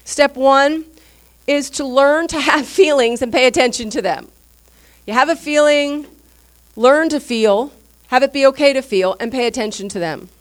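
A woman's voice: sits high, normal speed. A woman pastor giving a teaching sermon at a church service in an informal, candid, conversational way. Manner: informal, candid and conversational, acting out what others said.

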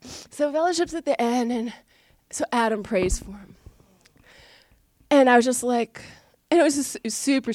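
Animated high-voiced woman telling a church testimony. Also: no room sound, studio quality. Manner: animated, lively storyteller who laughs often; chatty, many fillers and restarts. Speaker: church speaker sharing a testimony. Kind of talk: personal testimony at a church service.

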